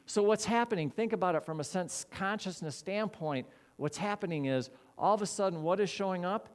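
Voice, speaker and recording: A man preaching a sermon as a minister, animated, acting out quoted voices and repeating key words. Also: high voice, brisk, few pauses.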